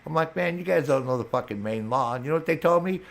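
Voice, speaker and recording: A man's voice: on the high side, animated, quick pace, gravelly. A man streaming a video game, venting angrily in casual talk with constant swearing. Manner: angry venting, heavy swearing. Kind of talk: casual chat while gaming.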